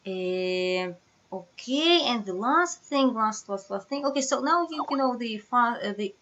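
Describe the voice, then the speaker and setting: A woman's voice: a little high, animated, measured pace, fairly bright tone, slight background noise. Woman teacher explaining step by step, lo-fi. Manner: explains step by step, asks questions to students. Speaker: language teacher. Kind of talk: casual online lesson.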